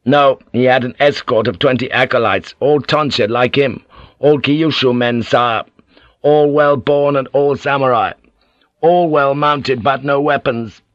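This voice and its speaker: A gruff, hot-tempered samurai general, put on by a male audiobook reader, barking his words bluntly in a raised, forceful voice. The audiobook recording sounds dull and muffled, and dry. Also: medium pitch, steady tone, measured pace, no room sound, pitched above the performer's own voice, natural voice.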